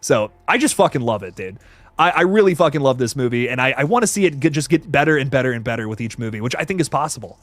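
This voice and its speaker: Excitable young man chatting on a livestream. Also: mid-range voice, quick pace, no echo. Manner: excitable, profane, reads chat comments aloud. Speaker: horror movie reviewer on livestream. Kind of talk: casual livestream chat.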